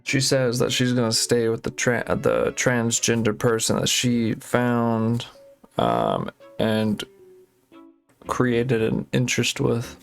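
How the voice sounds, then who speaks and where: Man, rambling commentary narration, unhurried, faint guitar music underneath. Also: medium pitch, expressive, creaky. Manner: halting, many fillers and restarts.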